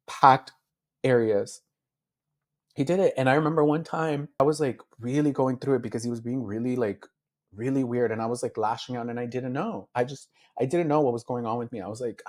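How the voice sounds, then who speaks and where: A man's voice: mid-range voice, a little mellow. Candid man recounting his story. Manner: heartfelt, filler-heavy, acts out his own past thoughts. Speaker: interview guest, beauty influencer. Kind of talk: candid emotional interview.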